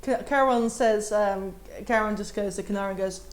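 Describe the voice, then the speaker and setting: A woman's voice: mid-range voice, moderate pace. A woman playing a tabletop role-playing game, asking questions and narrating her character casually. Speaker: player.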